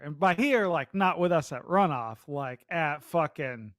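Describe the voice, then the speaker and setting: A young man with a high voice tells a casual gaming story on a podcast, his pitch jumping around a lot. He swears freely and fills his talk with "like." The recording is dry and close. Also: animated, moderate pace, dry recording. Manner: laughing, swearing storyteller with filler words. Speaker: podcast co-host.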